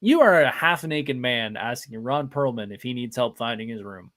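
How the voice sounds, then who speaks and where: A man hosts a live podcast and tells stories in a loose, chatty way. He pokes fun at himself as he rambles through memories. His voice sits at an ordinary pitch for a man. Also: lively intonation, moderate pace, a bit bright. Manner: chatty, anecdotal, self-deprecating. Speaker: podcast host. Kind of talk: casual live podcast storytelling.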